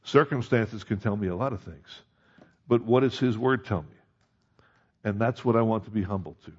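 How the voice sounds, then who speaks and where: A man's voice: lowish voice, normal speed, breathy edge, highs cut off. A male pastor preaching a conversational sermon, rising to emphatic peaks on key points.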